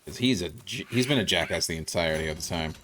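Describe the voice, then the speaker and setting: A man's voice: sits low, lively intonation, quick pace, fairly bright tone, a little hiss or hum. A man born in South Africa, chatting casually and rambling as he streams a video game. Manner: rambling, chatty, reacting to gameplay. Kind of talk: casual gameplay commentary.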